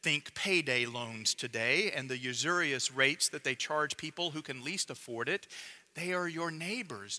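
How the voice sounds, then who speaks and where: Slow, bright-voiced male preacher. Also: a little high. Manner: measured, emphatic, with quiet drops for emphasis. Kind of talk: sermon.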